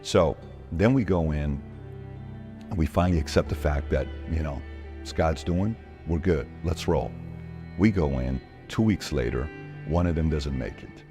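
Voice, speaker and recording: A man telling a personal story in an interview, acting out the dialogue with lively shifts in his voice. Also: rumbling low, unhurried, music in the background. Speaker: interview guest.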